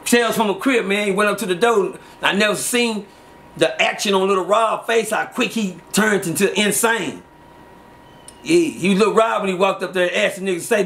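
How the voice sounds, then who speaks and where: A middle-aged man spins street tales in an interview. His voice sits high and bright, and he acts out every quote with lively energy. He breaks into laughter often as he talks. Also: normal speed, creaky, a little hiss or hum. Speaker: interview guest. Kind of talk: casual street storytelling.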